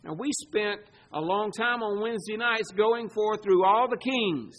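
A man preaching a sermon, swinging between loud emphasis and quiet asides. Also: sits high, unhurried, rough recording. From Southern United States. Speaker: pastor.

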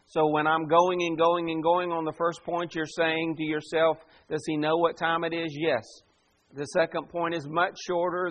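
A man's voice: a little high, low-quality recording. A man preaching a morning sermon in a church, driving points home with strong emphasis and rhetorical questions. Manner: emphatic preaching, rising and falling in force. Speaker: pastor.

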